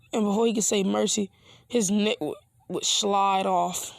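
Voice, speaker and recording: Guy rambling through a made-up fan story, gravelly voice, slangy, dry close sound. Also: sits high, steady tone, normal speed, no echo. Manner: loose slangy delivery with restarts. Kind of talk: casual improvised fan story narration.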